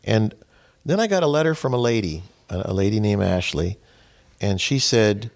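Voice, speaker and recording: A man's voice: lowish voice, expressive, normal speed, vocal fry, a little mellow. A man hosting a group discussion in a small room, talking earnestly and with emphasis, often quoting others. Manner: earnest, emphatic, acts out quotes. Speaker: host.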